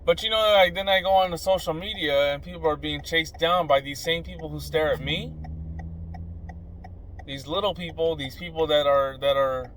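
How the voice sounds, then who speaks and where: A man talking in a casual vlog monologue, animated and blunt as he rants, recorded inside a car. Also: a little high, moderate pace, slight background noise, low-quality recording. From Southern California desert. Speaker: vlogger.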